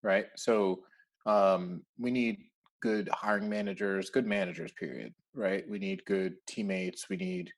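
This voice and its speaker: A man talking casually as an interview guest, lively, with lots of fillers and acted-out quotes. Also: low-pitched, measured pace. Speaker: interview guest, recruiting firm founder.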